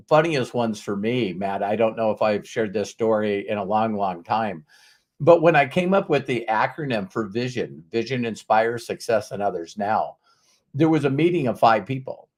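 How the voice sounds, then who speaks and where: A middle-aged man hosting a talk show, speaking in an easy, mid-pitched voice. He tells stories with energy, swears casually and slips into the voices of the people he describes. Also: normal speed. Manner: animated storyteller who acts out quoted voices and swears casually. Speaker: podcast host. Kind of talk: casual conversational storytelling.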